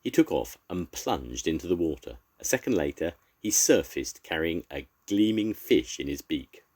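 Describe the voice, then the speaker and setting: An older grandfather reads a children's animal story aloud with a very deep voice. His pitch swings widely and expressively as he tells it. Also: sing-song, normal speed, darkish tone.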